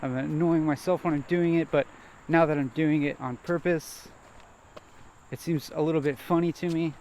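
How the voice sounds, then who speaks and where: A man vlogging as he walks a nature trail, thinking aloud in a halting, hesitant way and repeating words. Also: a little high, steady tone, a little mellow. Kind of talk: rambling self-reflective monologue while walking. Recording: faint outdoor noise.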